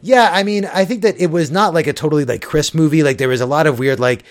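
A man's voice: a little high, fast talker. A man co-hosting a casual chat who talks thoughtfully, hedging often with "like" and "I mean.". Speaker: podcast co-host.

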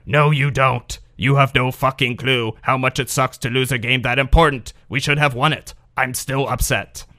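A man voicing a surly, smug male football fan in a low, gravelly put-on voice. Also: fairly even intonation, normal speed, few pauses, sharp tone, dry recording, studio quality, natural voice. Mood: sour smug.

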